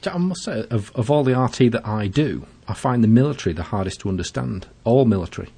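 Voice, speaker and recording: Husky, plain-spoken man. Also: medium pitch, expressive, fast talker, mellow. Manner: plain-spoken, self-described rough-edged chap. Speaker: podcast co-host, private pilot. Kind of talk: casual chat about flying.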